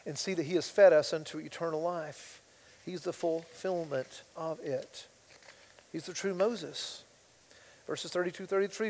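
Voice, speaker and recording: A man preaching a sermon as pastor, swinging between loud emphatic bursts and quiet asides. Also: sits high, normal speed, big-room sound, low-quality recording.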